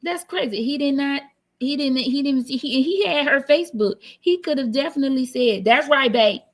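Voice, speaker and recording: A woman's voice: sits high, normal speed. A woman hosting a live stream, talking in a blunt, teasing, sassy way in casual commentary. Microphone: computer mic on a live stream.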